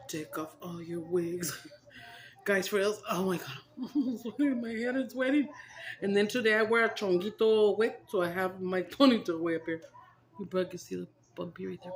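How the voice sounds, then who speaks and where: Woman vlogger, mid-pitched, laughs through her stories, drops Spanish words. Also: measured pace, long pauses. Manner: giggly, breaks into laughter, mixes Spanish into English. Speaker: mukbang vlogger. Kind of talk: casual chat to viewers.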